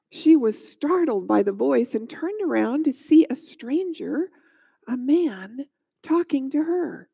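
A woman narrating a Bible story in a gentle, measured storytelling way, on a dull lo-fi recording. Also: high voice, expressive, gravelly, husky.

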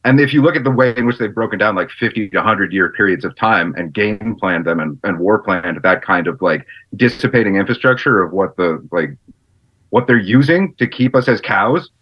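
Rambling, profane male panel guest, fairly low voice, muffled video-call audio. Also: normal speed, husky. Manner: rambling, profane, loose and animated. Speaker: podcast guest. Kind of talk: casual panel chat. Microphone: computer mic on a video call. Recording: dull lo-fi computer mic.

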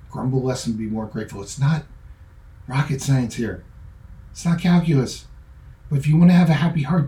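Middle-aged male pastor, mellow voice, joking conversational sermon, echoey room. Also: mid-range voice.

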